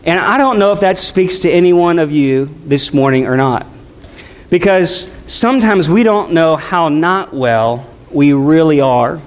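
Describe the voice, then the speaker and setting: A middle-aged man, a pastor, preaching a sermon in a conversational way, speeding up and slowing down as he tells a story. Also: a little high, animated. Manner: conversational preaching with shifting pace.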